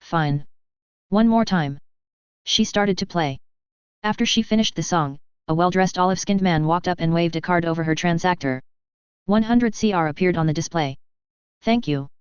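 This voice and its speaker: A woman's voice: lowish voice, brisk, clean tone, dry recording, highs cut off. A woman narrating a science fiction story aloud, voicing the characters with little change. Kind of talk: reading a sci-fi story aloud.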